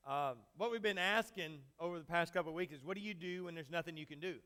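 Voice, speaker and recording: A man preaches from the pulpit with a handheld microphone, talking to his congregation in a loose, joking way. His voice is bright and forward and sits somewhat high for a man. He keeps it conversational rather than booming. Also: quick pace, clean tone. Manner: casual, joking, talks straight to the congregation. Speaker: pastor. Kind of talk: conversational sermon.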